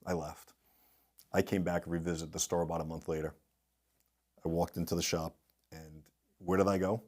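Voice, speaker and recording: A middle-aged man speaking as a guest in an interview, telling lively anecdotes and acting out the voices of people he quotes. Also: low-pitched, normal speed. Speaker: guest speaker, industry consultant. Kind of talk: storytelling in a podcast interview.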